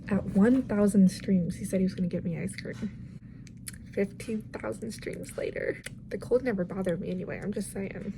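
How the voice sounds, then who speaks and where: A woman's voice: mid-range voice, moderate pace, creaky, noisy background. Chatty young woman vlogging, lots of "like". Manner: chatty, rambling, heavy use of "like". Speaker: vlogger and preschool music teacher. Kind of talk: casual vlog chat.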